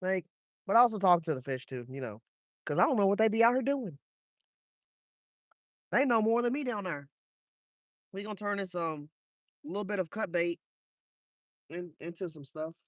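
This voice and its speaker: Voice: mid-range voice, expressive, normal speed, pauses often, no echo. A fishing vlogger chatting casually and with a lot of swearing, talking to viewers and to the fish while out by the water at night. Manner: loose, profane, talks to chat and to the fish. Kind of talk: casual live-stream chat while fishing.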